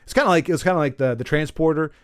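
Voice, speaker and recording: A man hosting a podcast with a slightly high voice, wandering through a comic story in an animated way. He trails off, catches himself and adds self-deprecating asides. The sound is dry and close, with no room around him. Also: very fast, dry recording. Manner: pained yelps while wincing. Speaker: podcast host. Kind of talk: rambling comedic storytelling.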